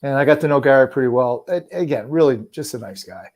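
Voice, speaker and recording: A man's voice: medium pitch, quick pace, darkish tone. A man who played hockey, talking earnestly in a casual chat and filling his talk with "you know". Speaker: podcast guest, former hockey player. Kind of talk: casual conversation.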